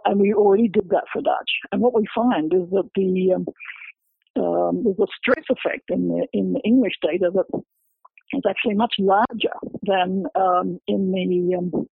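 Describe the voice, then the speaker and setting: A man, a researcher, explaining his book's findings in an academic, halting way, full of repeated words and fillers. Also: high voice, gravelly, breathy edge, no echo. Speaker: researcher discussing his book. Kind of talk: explanatory interview talk. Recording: dry, phone-like radio line.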